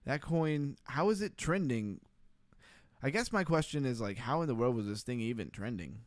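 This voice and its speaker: A man's voice: medium pitch, animated, moderate pace, no room sound, clean studio sound. Laughing man hosting a crypto livestream. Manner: laughing often, reading chat aloud. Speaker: livestream host. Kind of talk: casual livestream commentary.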